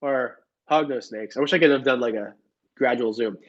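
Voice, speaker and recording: A man's voice: medium pitch, moderate pace. A young man hosting a casual reptile livestream, joking and reading chat comments aloud. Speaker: reptile channel host answering live chat. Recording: dull lo-fi stream audio.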